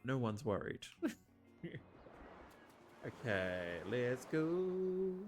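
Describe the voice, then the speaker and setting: A man's voice: mid-range voice, extremely slow, faint music behind. A man casually commenting on a farming game playthrough, joking and talking to the characters. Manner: animated, jokey, talks to game characters. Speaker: streamer.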